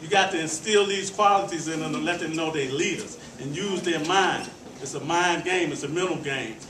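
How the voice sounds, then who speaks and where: Man, high voice, fervent community speech, distant echoey hall mic. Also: moderate pace, background noise. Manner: earnest, preacherly, rising to fervor. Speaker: chess program leader. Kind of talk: public speech at a community meeting.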